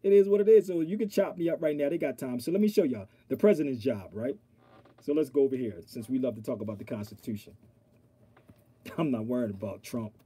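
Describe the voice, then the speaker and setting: A man hosting an online livestream, talking straight to his viewers in an animated, preachy way and reading aloud from a law dictionary. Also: medium pitch, fairly quick, husky. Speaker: online show host. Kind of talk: casual livestream talk.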